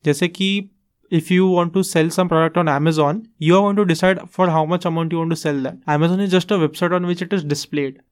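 A man's voice: on the high side, steady tone, quick pace. A man with an Indian English accent, casually explaining investing on a podcast and slipping Hindi phrases into his English. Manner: earnest, explains with examples, mixes in Hindi phrases.

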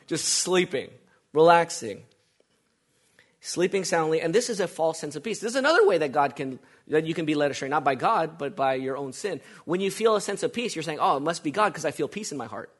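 A man's voice: a little high, lively intonation, brisk. A man preaching a sermon, emphatic and repetitive, asking the congregation rhetorical questions. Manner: emphatic, repeats phrases, asks rhetorical questions.

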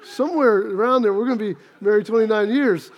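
A man's voice: high voice, fairly quick, muffled recording, slight background noise. A middle-aged man, a pastor, preaching a sermon and telling a funny self-deprecating story about his marriage in a chatty way. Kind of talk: sermon with a humorous personal story.

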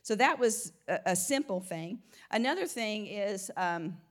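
A woman's voice: medium pitch, expressive, measured pace. A woman with a slight Southern US twang giving an informal Christian teaching, chatty, restarting her phrases and laughing often. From American South. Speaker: Christian speaker.

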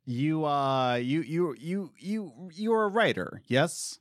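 A man's voice: a little high, slow pace, no room sound, studio quality. A man hosting a casual podcast, reading out quiz questions and joking with his guests. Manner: animated, laughing, quizzing a guest. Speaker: podcast host.

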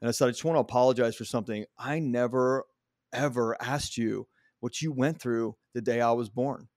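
A man's voice: mid-range voice, normal speed, a little mellow, dry recording, clean studio sound. Candid, swearing middle-aged man. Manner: candid, profane storytelling. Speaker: podcast host. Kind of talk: casual conversation.

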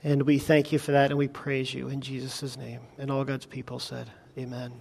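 A pastor telling a sermon story, then closing in a hushed, earnest prayer. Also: male voice, mid-range voice, completely flat delivery, normal speed, vocal fry.

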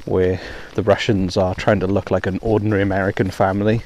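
A man's voice: low-pitched, flat delivery, quick pace, darkish tone, slight background noise. A man hosting his own podcast, talking casually and rambling with lots of ums while walking outdoors in heavy rain on a hands-free headset. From Wales. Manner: rambling, self-deprecating, many ums. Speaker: podcast host. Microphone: hands-free phone headset.

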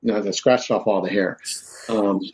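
A man's voice: lowish voice, fairly even intonation, normal speed, darkish tone. A man, a university professor, talking candidly and with self-deprecating humor in an interview. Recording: dull lo-fi sound.

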